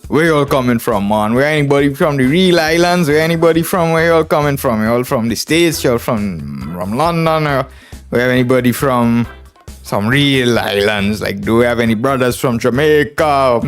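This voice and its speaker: A man from Trinidad and Tobago with a heavy Trinidadian accent, talking to his chat on a live chess stream. He drawls, jokes and keeps adding "man" to his lines. His voice sits at an ordinary middle pitch, and quiet music plays under it. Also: animated, normal speed. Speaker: chess streamer, international master.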